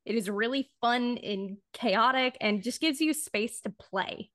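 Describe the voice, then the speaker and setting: A woman's voice: on the high side, takes it slowly, fairly bright tone, no echo, studio quality. A young woman co-hosting a casual interview, upbeat and giggly. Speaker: co-host.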